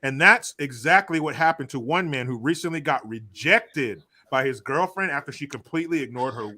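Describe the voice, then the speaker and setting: A man's voice: medium pitch, animated, normal speed, sharp tone. A man hosting a podcast in casual chat, joking and swearing freely as he reads news aloud. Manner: profane, joking banter. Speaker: podcast host.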